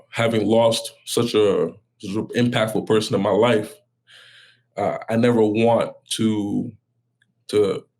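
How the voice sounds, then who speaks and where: Low, gravelly man in his thirties. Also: darkish tone. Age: 30s. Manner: halting, with frequent restarts and self-corrections. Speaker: guest. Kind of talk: reflective interview conversation.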